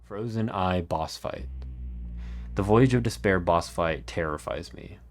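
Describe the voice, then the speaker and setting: A man narrating a scripted video essay in an earnest, measured way with dramatic pauses. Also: deep voice, background noise. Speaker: YouTube narrator.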